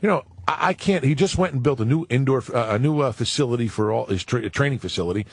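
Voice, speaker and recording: A man's voice: medium pitch, lively intonation, fast, slightly rough, no room sound, studio quality. A male former football player, a guest on a radio show, telling stories with lots of "you know" and acting out the quotes. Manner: storytelling, acts out quotes. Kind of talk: casual radio studio talk. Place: radio studio.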